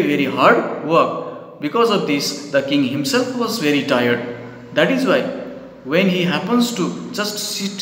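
A male English teacher explaining a literature chapter to children, pausing to define words and calling them "children". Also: a little high, a bit bright. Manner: explains word meanings, addresses the children repeatedly. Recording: echoey room with long reverb.

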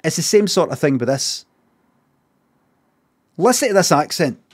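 A Scottish man livestreaming, talking in a casual, sweary, animated rant. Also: fairly high pitch, moderate pace.

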